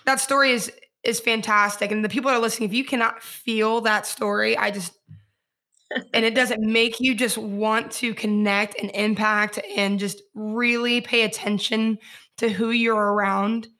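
A woman's voice: fairly high pitch, little pitch movement, normal speed, sharp tone. A woman hosting a podcast, reacting in an effusive, emotional way. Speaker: host. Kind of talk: casual podcast chat.

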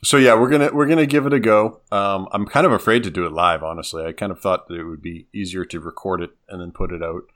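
A man's voice: sits low, fast, hardly any pauses, a bit bright. A man hosting a podcast, talking loosely and laughing often. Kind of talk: casual chat.

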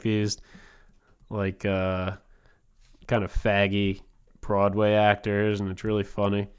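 A man's voice: fairly low pitch, smooth. A man hosting a podcast, delivering a rambling, crude and provocative comedic monologue. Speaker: podcast host.

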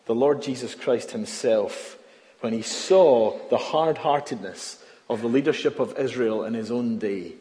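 Earnest male pastor in a reverberant hall. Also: medium pitch. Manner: earnest, varies volume from loud emphasis to near-hush. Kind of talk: sermon. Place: church. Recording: long reverb of a church hall.

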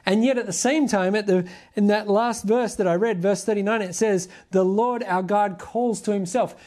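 A preacher giving a sermon in an earnest, measured way, reading scripture aloud and putting direct questions to the listeners. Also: mid-range voice, darkish tone.

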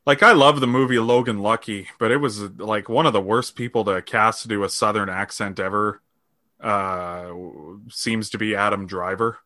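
A man's voice: lowish voice, fairly even intonation, moderate pace, sharp tone, no room sound, clean studio sound. A man in casual conversation, giving laid-back, opinionated takes on movies.

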